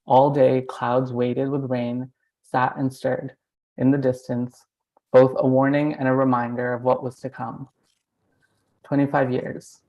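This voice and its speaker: A man at an open mic over a video call, reading a personal essay aloud in a measured, literary way. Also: medium pitch, flat delivery, lo-fi sound.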